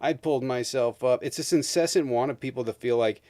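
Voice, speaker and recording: A man's voice: medium pitch, a little fast, noisy background. A man in his thirties hosting a livestream, ranting emphatically about politics with heavy swearing. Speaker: streamer host. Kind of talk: heated political rant on a livestream.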